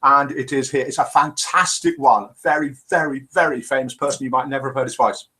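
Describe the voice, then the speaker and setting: A man's voice: mid-range voice, fairly even intonation, brisk, bright, forceful tone. A man hosting a casual live stream, chatting and reading out viewer messages. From England. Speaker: live show host.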